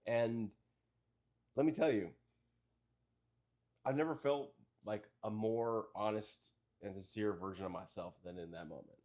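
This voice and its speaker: A man's voice: on the low side, measured pace, long pauses, darkish tone. Man riffing absurd improv comedy. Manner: rambling, absurd, escalating riffs. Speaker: comedy podcast regular.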